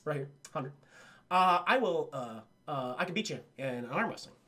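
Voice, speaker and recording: A man's voice: on the high side, animated, normal speed, fairly bright tone, pitched below the performer's own voice. A man doing a manic, stammering male scientist. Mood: sleazy, low. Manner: stammering, profane, swings from hyper to sleazy mumbling. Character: manic, twitchy male scientist turning strange.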